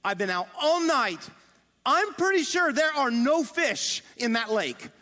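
A man's voice: extremely high pitch, sing-song, a little slow, pushed and bright, pitched above the performer's own voice, exaggerated voice. A man voicing a tired, exasperated fisherman who complains in disbelief, in a long hall reverb. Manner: incredulous, complaining.

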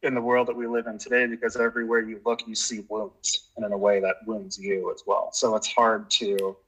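A man's voice: fairly low pitch, little pitch movement, fairly quick, fairly bright tone, husky, poor audio. A man speaking as a guest on a podcast, earnest and reflective in a casual conversation. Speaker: podcast guest, nature educator. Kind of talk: casual interview chat.

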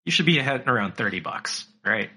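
A man talks casually on a podcast and tells a story full of swearing, mocking the people he quotes in put-on voices. His voice is husky yet bright, and his pitch swings widely as he gets worked up. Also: animated, brisk.

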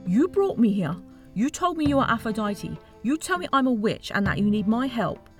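A woman's voice: fairly high pitch, very animated, moderate pace, faint music behind, pitched above the performer's own voice. Woman reading a snarky young witch. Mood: exasperated. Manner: sarcastic, exasperated, swearing. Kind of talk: audiobook character reading.

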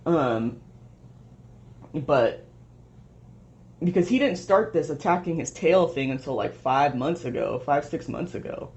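A woman's voice: sits low, expressive, a little slow, pauses often, darkish tone. A young woman venting at home in a rambling, frustrated way, swearing often. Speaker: vlogger. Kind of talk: casual venting monologue. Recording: dull lo-fi home recording.

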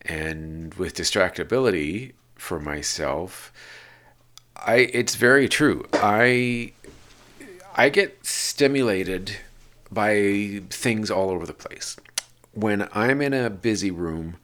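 A man's voice: lowish voice, slow pace, a bit bright. A man hosting a podcast, reading lists from notes and then talking about his own experience with restarts and rambling asides. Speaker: podcast host. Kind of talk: reading notes, then casual personal talk.

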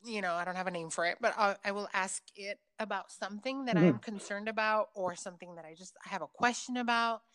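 A woman's voice: mid-range voice, brisk, few pauses, a bit bright. Chatty, foul-mouthed woman telling stories. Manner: loose, chatty, swears freely; filler-heavy, with frequent ums and likes. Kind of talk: casual storytelling chat.

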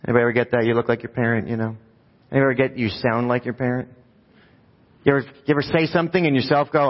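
A pastor with a mid-range voice preaches very fast in a church sanctuary, speaking to the congregation conversationally and throwing out rhetorical questions. A long hall reverb trails his words, and the recording is muffled and dull.

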